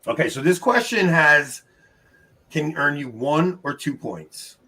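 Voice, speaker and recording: A man with a Long Island New York accent hosting a casual trivia livestream from his home, upbeat and chatty, laughing often and tossing quick asides to the chat. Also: on the high side, animated, sharp tone, slightly rough. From New York, United States. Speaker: trivia show host.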